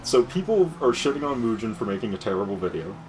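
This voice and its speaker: A man chatting casually over a racing game playthrough, telling gossip in an animated way, swearing freely and laughing often. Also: on the low side, fast talker, background noise. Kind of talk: casual gaming chat.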